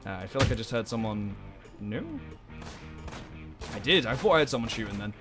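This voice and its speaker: A young man hosting a let's play, commenting in an animated, jokey way and swearing a lot. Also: on the low side, fairly quick. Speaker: gaming channel host. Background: game music.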